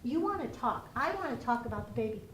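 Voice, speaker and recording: Middle-aged woman in a grief group, high voice, talking plain and earnest, far off in an echoey room. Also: lively intonation, quick pace, slight background noise. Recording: echoey, distant room mic.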